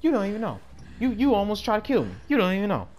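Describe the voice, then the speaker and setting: Slangy male gamer, lively delivery. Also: sits high, very fast. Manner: slangy, swings from yelling to mumbling. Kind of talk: casual gameplay commentary. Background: game music.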